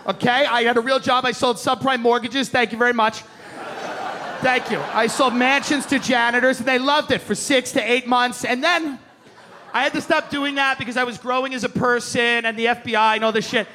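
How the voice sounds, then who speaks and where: Man, stand-up comic, very high voice, brash profane rant, live theater, loud room noise behind. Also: little pitch movement, fairly quick. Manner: brash, profane, aggressive rants. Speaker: stand-up comedian. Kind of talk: stand-up comedy set. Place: theater stage before a live audience. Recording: stand-up recording with crowd noise.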